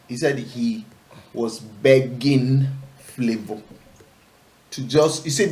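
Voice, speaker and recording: A man's voice: mid-range voice, slow pace, pauses often, a little mellow, reverberant. A man co-hosting a casual panel chat, telling a story with many ums and restarts. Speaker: co-host.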